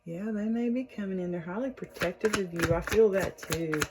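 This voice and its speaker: Talking fairly quickly in a mid-range voice, a young woman hosts her channel and does a casual tarot reading to camera. She's chatty and warm, laughing often and tossing out lots of "y'all." There's noise in the background.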